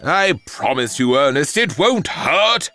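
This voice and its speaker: A fussy, dry-witted professor, as a male storyteller puts him on, drawling sarcastic remarks. He talks slowly, with sudden high jumps and near-whispers. Faint music plays behind. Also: sing-song, sharp tone, heavily acted. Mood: wry.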